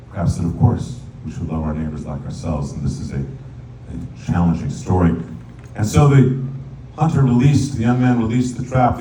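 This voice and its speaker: A rabbi telling a folk tale as a sermon, lively and playful, now and then singing verses in Hebrew. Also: male voice, medium pitch. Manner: animated storyteller, sings Hebrew verses. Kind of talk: storytelling sermon. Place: synagogue sanctuary. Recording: echoey hall, distant mic, faint room noise.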